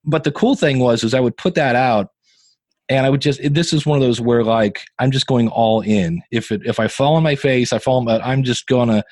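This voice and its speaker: Fifties guy from ohio rambling thru stories, puts on voices for other people, middle pitch, dry close mic. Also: fairly quick, no room sound. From Northeast Ohio. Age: 50s. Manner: chatty storyteller, animated quoting of others. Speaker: podcaster and guitarist guest. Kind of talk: casual interview chat.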